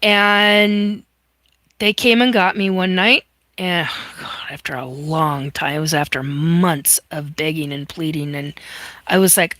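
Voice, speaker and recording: A woman's voice: sits low, unhurried, fairly bright tone, no room sound. A woman hosting a live stream in casual chat, telling a story in an earnest, emphatic way with many restarts and some mild swearing. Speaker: host.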